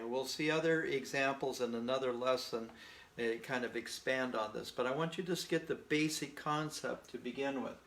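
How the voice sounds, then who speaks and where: A man's voice: mid-range voice, fairly bright tone, reverberant. A man teaching a casual beginner language lesson, explaining patiently and folksily with little memory tricks. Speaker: Spanish teacher.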